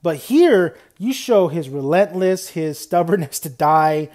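A man's voice: a little high, expressive, a little slow, darkish tone. A young man giving a casual, unscripted anime review, rambling loosely and dropping "man" and "you know" often.

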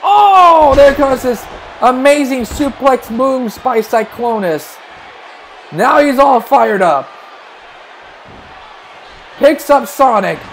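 A man calling wrestling play-by-play, excitable and breaking into shouts at big moves. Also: extremely high pitch, slow, pauses often, some chatter behind, a little hiss or hum, low-quality recording. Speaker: play-by-play commentator.

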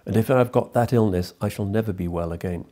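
A man reading the pleading lines of a despairing young woman held captive, in his own low voice. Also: quick pace, warm tone, close to an everyday voice.

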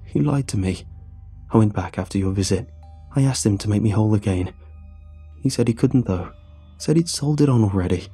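A man's voice: fairly low pitch, lively intonation, a little fast, pauses often, dark tone, slightly rough, soft background music, exaggerated voice. A man doing a weepy bearded barroom drunk. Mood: sobbing. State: sobbing.

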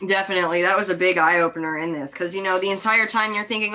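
A woman chatting about a movie, retelling the plot with lots of "you know". Her voice is bright and forward. The recording sounds dull and lo-fi. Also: medium pitch, flat delivery, fast, hardly any pauses. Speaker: film reviewer. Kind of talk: casual chat.

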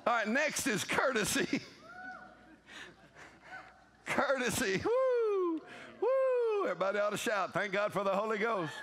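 A man's voice: high-pitched, normal speed, pauses often, pushed and bright. A male pastor, preaching a humorous sermon and telling stories with playful voices and laughter.

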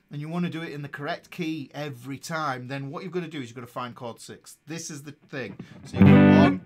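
Man, guitar teacher, casual, chatty, upbeat, a bit high-pitched, faint guitar behind. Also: darkish tone. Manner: chatty, upbeat, talks while playing, laughs often. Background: guitar playing.

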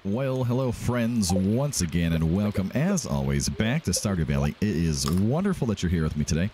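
Deep-voiced guy narrating his farming game, super expressive pitch, game music behind. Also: moderate pace. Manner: chatty, animated, thinking aloud. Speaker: let's play host. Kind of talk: casual gameplay commentary.

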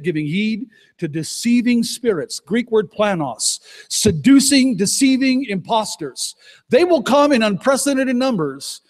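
Emphatic high-voiced male preacher in a reverberant hall. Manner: emphatic, swings between loud declarations and low intense asides. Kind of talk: conference sermon. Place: conference hall.

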